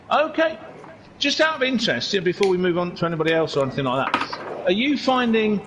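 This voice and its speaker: A man's voice: a little high, background noise. A man hosting a racing league stream, chatting casually and restarting his sentences as he interviews people. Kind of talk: casual livestream chat.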